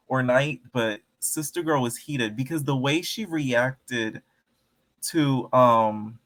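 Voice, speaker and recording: Man, casual vlog commentary, sassy, slangy, gossipy, mid pitch. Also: a bit bright. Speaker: reality TV commentator.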